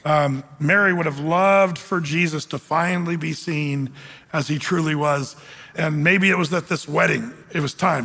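High-voiced preacher in a reverberant hall. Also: male voice, normal speed, gravelly. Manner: conversational, animated preaching with humor. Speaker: pastor. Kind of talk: sermon.

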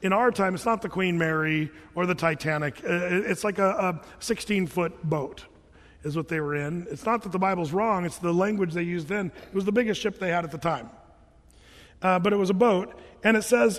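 A man preaching a sermon as pastor in a relaxed, chatty way and often restarting his sentences. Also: high voice, fairly quick. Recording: long hall reverb.

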